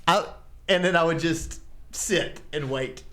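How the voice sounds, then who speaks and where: Male podcast co-host, high voice, excitable storyteller, casual and profane. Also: measured pace. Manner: animated storytelling, swearing, laughing often. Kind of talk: casual chat.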